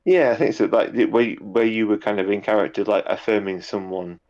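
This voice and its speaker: A man's voice: fairly low pitch, fairly quick, darkish tone, highs cut off. A man chatting casually in an interview, rambling a little with repeated words and fillers. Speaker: guest, YouTube narrator.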